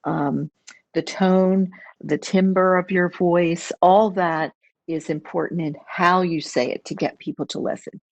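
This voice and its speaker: A middle-aged woman presenting a webinar as a public speaking trainer, measured and instructive, repeating key phrases. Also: on the low side, fairly even intonation, gravelly, no echo. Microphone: video call.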